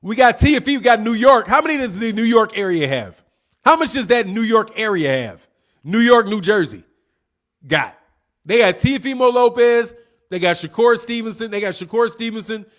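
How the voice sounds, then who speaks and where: A man hosting a casual livestream, talking fast and teasing his chat in a cocky, rambling way. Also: high-pitched, animated, a bit bright. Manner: fast, rambling, with restarts and laughs. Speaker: livestream host.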